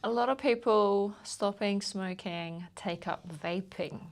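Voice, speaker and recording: A woman's voice: mid-range voice, slow, gravelly. Woman interviewer with brief prompts. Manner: short prompts and murmured agreement. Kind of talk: casual interview.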